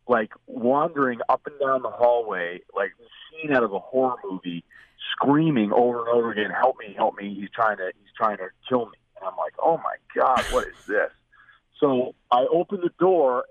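A man with a mid-range voice, appearing as a guest, tells a long anecdote in a loose, rambling way and performs the quotes himself. The audio is dry and tinny, as if over a phone line.

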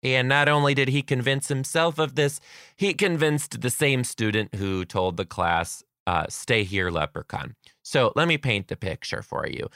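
A young adult man, a teacher, telling comic stories about his class in a sarcastic, animated way, acting out the kids. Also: medium pitch, normal speed, no room sound, studio quality. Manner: animated, sarcastic, acts out kids' voices. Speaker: kindergarten teacher. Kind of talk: comedic storytelling.

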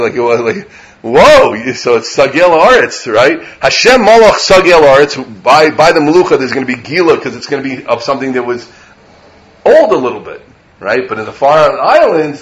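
Middle-aged rabbi teaching with lively banter. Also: male voice, medium pitch. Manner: conversational, checks in with listeners by asking "right?"; lively, mixes in Hebrew and Yiddish terms. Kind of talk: informal Torah lecture. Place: lecture room with a live audience.

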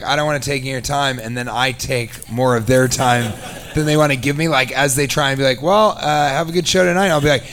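A man telling a comic story, sarcastic and animated, acting out both sides of a conversation. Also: mid-range voice, slight background noise. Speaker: comedian. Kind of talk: comedic storytelling.

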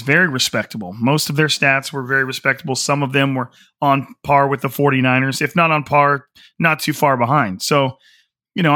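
A man hosting a sports podcast with a hoarse, strained voice, talking casually and rambling with frequent restarts. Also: medium pitch, pushed and bright, no echo, studio quality. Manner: rambling, many restarts and fillers. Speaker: podcast host. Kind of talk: casual solo podcast talk.

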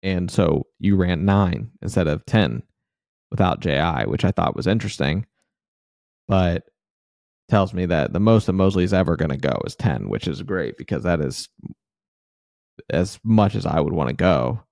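A deep-voiced man with a gravelly edge, co-hosting a sports podcast. His tone is dark and mellow as he works through the team with some frustration. The recording is dry and close. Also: expressive, moderate pace, no echo. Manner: frustrated, analytical. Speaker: podcast co-host. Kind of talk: casual sports talk.

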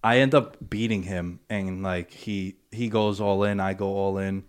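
A man's voice: sits low, steady tone, unhurried, clear, resonant tone. A man co-hosting a casual chat, telling stories in a laid-back, drawling way. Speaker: podcast co-host.

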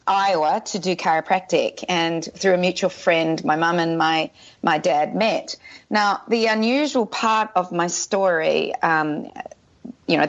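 Australian accent, woman, chatty guest, low pitch, dull lo-fi sound. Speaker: guest, documentary producer. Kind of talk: podcast interview storytelling. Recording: dull lo-fi remote audio.

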